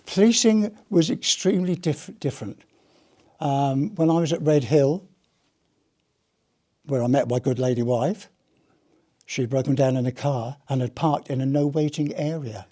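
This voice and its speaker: A man's voice: mid-range voice, normal speed, long pauses, warm tone. An older man, a retired police officer, giving a rambling, chatty anecdotal talk to a live audience. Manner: rambling, chatty storyteller with many restarts. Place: heritage gallery talk.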